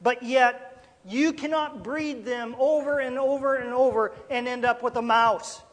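High-voiced emphatic preacher in a hall. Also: male voice, steady tone, measured pace. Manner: folksy, emphatic, addresses listeners as folks. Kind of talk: sermon.

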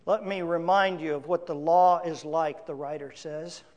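Pastor guy preaching, high voice, gets loud then drops real quiet, reverby hall. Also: steady tone, normal speed, lo-fi sound. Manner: emphatic preaching with dramatic swings in volume. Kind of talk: sermon.

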